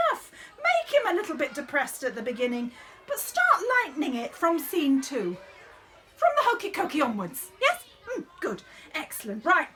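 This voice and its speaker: A woman's voice: high voice, bright, forceful tone, slight background noise, exaggerated voice. A woman playing a fussy, bossy drama director running a school nativity rehearsal, in a theatrical, exasperated comic monologue.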